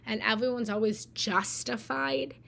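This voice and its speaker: A woman's voice: a little high, fairly even intonation, measured pace, gravelly, fairly bright tone, slight background noise. A woman meditation teacher giving an earnest, encouraging live-stream talk, repeating phrases for emphasis and slipping into whispered asides. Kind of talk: live-stream spiritual talk answering viewer comments.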